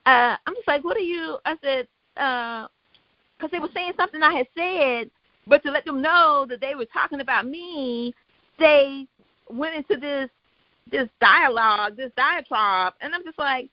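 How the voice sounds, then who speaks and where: A woman in a casual group discussion, pausing and restarting as she tells a story with quoted speech. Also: sits high, dry recording, highs cut off. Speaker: discussion participant.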